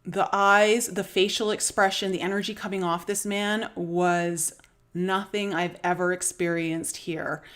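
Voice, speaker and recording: A woman's voice: medium pitch, flat delivery, measured pace, a bit bright. A woman with a Canadian accent telling a long dream story on a live stream, casual and rambling, with many fillers and small laughs. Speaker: spiritual vlogger.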